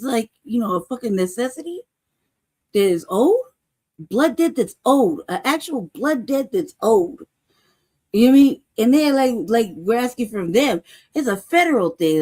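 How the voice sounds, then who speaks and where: A woman's voice: on the high side, dark tone. Heated, profane woman ranting. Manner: heated, profane rant full of rhetorical questions; frequent laughs and "you know what I mean". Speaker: podcast host. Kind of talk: unscripted political commentary.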